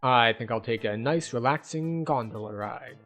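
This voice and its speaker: A gamer voicing a genial older male museum curator in a lowered, mild voice, reading lines from a point-and-click game. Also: moderate pace, fairly bright tone, faint music behind, natural voice.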